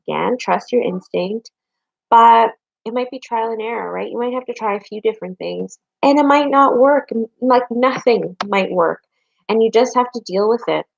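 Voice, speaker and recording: A woman's voice: fairly high pitch, normal speed, vocal fry, no echo, highs cut off. A young adult woman and parent giving frank, chatty advice straight to her viewers. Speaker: vlogger and parent. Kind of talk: casual chat to camera.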